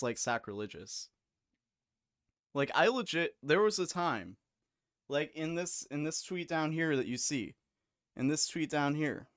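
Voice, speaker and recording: A man's voice: medium pitch, a bit bright, dry recording, studio quality. A young man hosting a live stream, chatting casually in a rambling, crude and slangy way. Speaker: streamer host.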